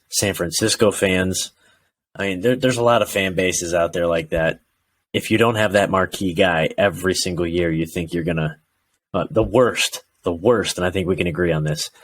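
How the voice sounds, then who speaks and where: A man with a fairly low voice talks football with a co-host in a relaxed podcast chat. He gets animated and slips into mock voices of frustrated fans. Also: a little hiss or hum. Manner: animated, acts out fans' rants in quoted voices. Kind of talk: casual sports chat.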